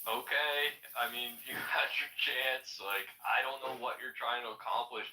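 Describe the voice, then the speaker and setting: A man's voice: mid-range voice, fairly even intonation, normal speed, bright, forceful tone, echoey room, far from the mic, slight background noise, poor audio. A man hosting a live stream, arguing with a caller in a confrontational, exasperated and mocking way. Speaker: host of a live audio stream. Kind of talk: heated live debate.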